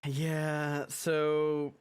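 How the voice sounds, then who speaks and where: A man's voice: a little high, completely flat delivery, extremely slow, clear, resonant tone. A man hosting a casual podcast chat, rambling with lots of fillers and restarts. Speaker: podcast host.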